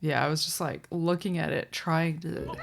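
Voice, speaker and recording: Low gravelly woman casually commentating. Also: steady tone. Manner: chatty, rambling, laughs often, quick to apologize. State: sleepy, yawning. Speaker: race commentator.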